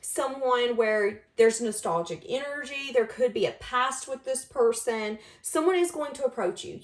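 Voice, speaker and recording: Emphatic woman tarot reader, roomy echo. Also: fairly high pitch. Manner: emphatic, animated storytelling. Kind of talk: tarot reading to camera. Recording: roomy echoey room.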